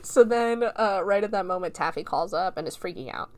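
A woman's voice: on the low side, lively intonation, brisk, darkish tone, no room sound. A woman reviewing a film in a casual spoken recap, chatty and rambling, with constant "like" fillers and frequent swearing.

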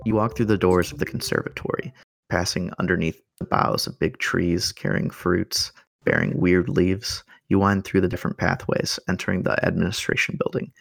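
A man's voice: low voice, steady tone, moderate pace, vocal fry, no echo. A man hosting and narrating a tabletop game as game master in an easygoing, descriptive way.

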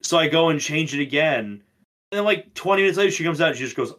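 A man's voice: on the high side, expressive, fast, fairly bright tone. A young man co-hosting a podcast, chatting casually and telling profane, ranting stories. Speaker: podcast co-host. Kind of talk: casual chat.

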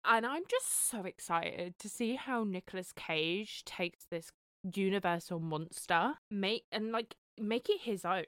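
A young woman co-hosting a podcast in casual chat, excitable and gushing, with casual swearing. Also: mid-range voice, a little slow, clear, resonant tone, dry recording. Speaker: podcast co-host.

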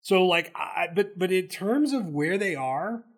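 A man with a Southern accent, co-hosting a casual sports talk show and cutting in with animated opinions. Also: high voice, measured pace. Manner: animated, talks over his co-host. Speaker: co-host.

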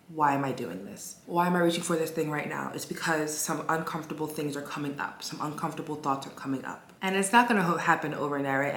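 A young woman giving a casual self-help talk, gentle and encouraging, with many fillers and restarts. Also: deep voice. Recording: echoey room with faint hiss.

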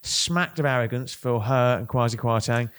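A man co-hosting a political podcast, talking in a casual, animated and indignant way, often repeating words. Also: medium pitch, moderate pace, clear, resonant tone. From Northern England. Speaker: podcast co-host.

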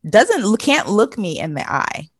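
A woman's voice: mid-range voice, huge pitch swings, unhurried, slightly rough. A woman in casual chat, telling a story with lots of energy, acting out the voices of the people in it and swearing freely.

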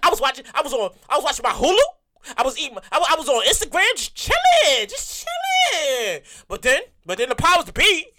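A woman telling a casual storytime rant to her viewers, talking in an animated, exasperated way, repeating herself and swearing freely. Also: high-pitched, fast talker, background noise. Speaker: vlogger telling a work story.

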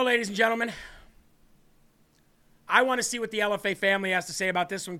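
Casting: American male host, very high bright voice with a gravelly edge, animated ranting delivery. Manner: animated, preachy ranting with mock taunting asides. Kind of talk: live political commentary show.

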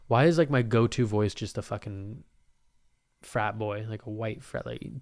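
In this casual solo podcast monologue, a young male host talks into his mic at normal speed in a mid-range voice. He rambles, swears a lot, and stays laid-back, laughing often.

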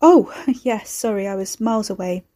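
A woman's voice: medium pitch, normal speed, dark tone, lightly acted. A woman voicing a guilt-ridden, anxious middle-aged man who stammers when flustered. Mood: sheepish. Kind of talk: scripted narration.

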